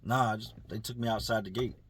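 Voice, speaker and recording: A man's voice: lowish voice, fairly even intonation, quick pace, fairly bright tone, breathy edge, dry recording, voice pushed down. A man voicing a nervous male inmate who stammers out defensive denials.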